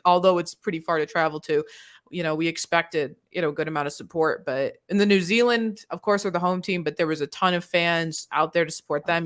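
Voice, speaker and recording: Bright-voiced woman guest, thoughtful chat. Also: lowish voice. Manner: thoughtful, many "you know" fillers. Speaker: guest commentator. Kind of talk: casual chat.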